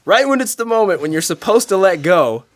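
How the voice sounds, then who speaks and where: Animated man telling a band story. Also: fairly quick. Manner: lively, big swings in pitch and volume. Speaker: band member.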